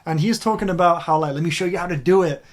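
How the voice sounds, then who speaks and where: Brief: male podcast co-host, quick and slightly high-voiced, blunt and profane. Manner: fast, blunt, swears often, many "like" fillers. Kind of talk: casual music review chat.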